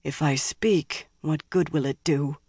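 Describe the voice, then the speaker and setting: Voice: mid-range voice, fairly even intonation, a little slow, a little mellow, breathy edge, no room sound. A frightened old woman speaks shakily and sounds defeated, as a narrator puts her on. The recording is close and dry, like a storybook reading. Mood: dejected. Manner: shaky, defeated.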